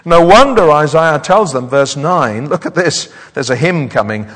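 A man preaching a sermon, animated and often repeating words as he builds up. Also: fairly high pitch, normal speed, hardly any pauses. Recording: hall reverb.

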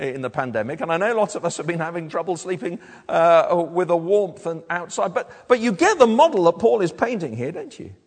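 Preacher with an airy voice in a reverberant church. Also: male voice, sits high. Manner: conversational, asks the congregation tag questions; restarts and stammers on words. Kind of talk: sermon. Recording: long hall reverb.

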